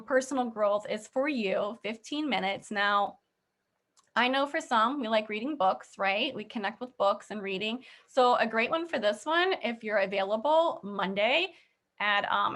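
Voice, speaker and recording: Chatty woman with a higher voice. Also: fairly bright tone. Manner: chatty, keeps checking in with "okay?" and "right?"; laughs easily. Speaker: sales team trainer. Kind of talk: casual training talk.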